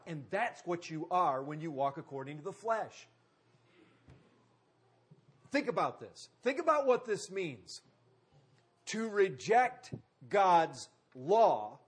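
A man preaching a sermon, driving points home with emphatic repetition and dramatic pauses. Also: high voice, slightly rough. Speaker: pastor.

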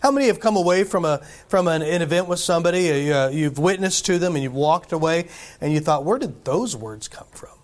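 A man's voice: a little high, a little fast. A man preaching a sermon in a church, talking conversationally with rhetorical questions, asides to the congregation, and frequent restarts and fillers. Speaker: pastor.

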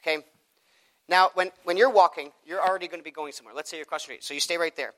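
A man with a high, bright and forceful voice teaches a group in a church room how to share his faith. He lively acts out both sides of street conversations as he goes. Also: very fast. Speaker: evangelism teacher. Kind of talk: teaching talk with acted street dialogues.

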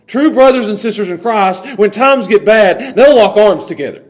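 A man preaching a folksy sermon to a small church congregation, swinging from hushed earnest passages to loud, excited storytelling. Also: sits high, normal speed. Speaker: pastor. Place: small church, evening service.

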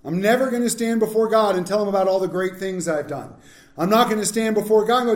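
Male pastor, high voice, animated sermon delivery, echoey church hall. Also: quick pace. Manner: animated preaching that swings from loud to hushed.

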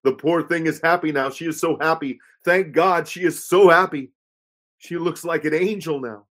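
A man's voice: on the high side, fairly even intonation, moderate pace, a bit bright, pitched above the performer's own voice, lightly acted. A man voicing an old woman who exclaims and repeats herself through tears. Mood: tearful joy. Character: old woman, tearful, overjoyed.

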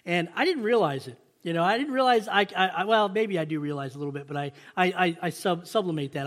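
High-voiced man preaching an impassioned sermon. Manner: impassioned preaching, acting out prayers, stammering restarts. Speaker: pastor.

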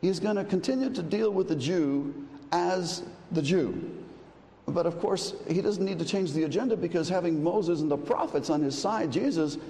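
A man's voice: high-pitched, brisk, few pauses, warm tone. A man preaching an expository sermon, restarting phrases often and building to emphatic declarations. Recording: long reverb in a hall, faint ambient noise.

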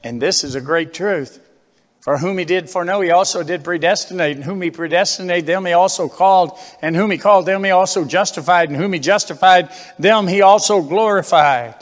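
A man with a notably high voice delivers an impassioned sermon from the pulpit. He presses listeners with rhetorical questions and repeats phrases for emphasis. His words trail into the long reverb of a large church hall. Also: fairly quick. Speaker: preacher.

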